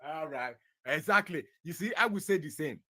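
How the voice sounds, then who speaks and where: A man's voice: a little high, expressive, normal speed, bright, forceful tone, no echo, studio quality. A man in a heated livestream argument, hammering home accusations and repeating himself insistently.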